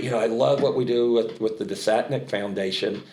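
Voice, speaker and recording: Middle-aged American man with a slight Southern twang, rambling and animated, low voice, roomy echo. Casual interview guest. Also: a little fast. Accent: American, with a trace of Southern. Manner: rambling, animated storyteller with frequent restarts. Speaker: charity founder and auctioneer.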